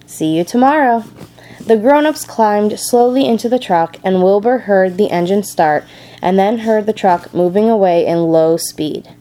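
A woman narrates a storybook aloud in a calm, measured way. Her voice is warm and mellow, neither high nor low. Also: poor audio.

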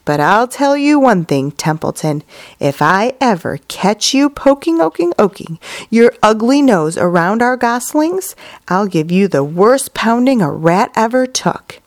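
A woman's voice: medium pitch, very animated, measured pace, no echo. A woman voicing a strong, protective male gander who blusters and threatens in a storybook reading. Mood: blustery.

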